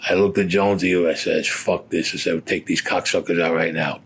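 Older male veteran, blunt and profane, husky low voice, faint music under. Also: fairly even intonation, a little fast, fairly bright tone. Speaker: war veteran interviewee. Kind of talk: recounting war stories.

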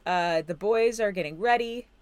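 A woman's voice: medium pitch, normal speed, no room sound. Rambling, giggly woman podcast co-host. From Illinois, USA. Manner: rambling and giggly, with many fillers. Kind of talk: casual podcast chat recapping a TV episode.

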